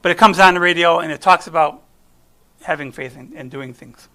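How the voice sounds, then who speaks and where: With a fairly high, pushed and bright voice and a slightly quick pace, a middle-aged American man delivers a guest sermon. He's chatty and folksy, weaving in personal stories and often breaking off mid-thought to begin again.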